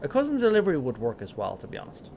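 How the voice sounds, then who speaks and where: A man's voice: medium pitch, huge pitch swings, very fast, vocal fry, darkish tone, slight background noise. An Irish man giving casual live-stream commentary on a game, rambling with lots of fillers and self-corrections. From Ireland.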